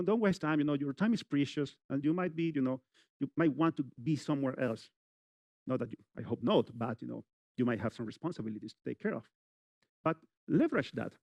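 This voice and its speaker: A middle-aged man lectures on public speaking, animated and direct, scattering "you know" through his sentences. His voice sits a little high and comes through dry and close, with no room echo. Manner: animated, addresses audience directly, many "you know" fillers. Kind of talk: live university lecture. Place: university lecture hall.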